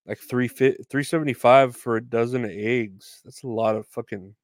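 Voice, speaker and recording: A man's voice: medium pitch, fairly even intonation, moderate pace, no echo, clean studio sound. A young man hosting a podcast, ranting casually about news headlines, rambling, profane and self-deprecating. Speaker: podcast host.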